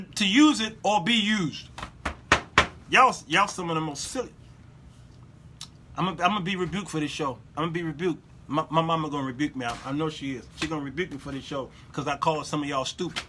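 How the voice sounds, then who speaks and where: A male show host giving preachy, sarcastic commentary, animated and repetitive. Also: high voice, slight background noise.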